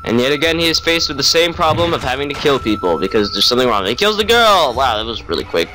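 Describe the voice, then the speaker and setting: A man's voice: medium pitch, fast, sharp tone, a little hiss or hum. A young man giving sarcastic let's play commentary on a horror game. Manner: wry, sarcastic narration of the action. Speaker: gamer playing a horror game.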